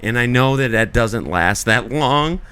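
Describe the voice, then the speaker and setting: A man's voice: medium pitch, animated, measured pace, bright, forceful tone, clean tone. A man co-hosting a podcast in casual chat, talking in long earnest rambles full of filler likes. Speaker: podcast co-host.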